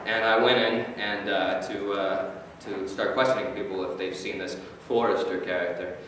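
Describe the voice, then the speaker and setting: A man's voice: low voice, fairly even intonation, moderate pace, a bit bright, a little hiss or hum. A male stand-up comedian telling a rambling, playful story on a club stage. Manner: rambling, playful, full of fillers. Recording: echoey club sound from a far mic. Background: audience laughter.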